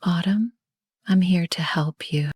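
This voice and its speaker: A kind, brave young girl from a bedtime story speaks in a soft, breathy whisper, as a woman puts her on. The whispered role-play stays gentle and close. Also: fairly low pitch, takes it slowly, dry recording, exaggerated voice.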